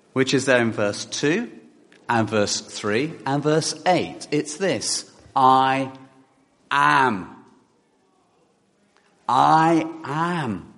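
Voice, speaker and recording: A man preaching a sermon to a congregation, reading scripture aloud and putting direct questions to his listeners. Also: a little high. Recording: long hall reverb in church.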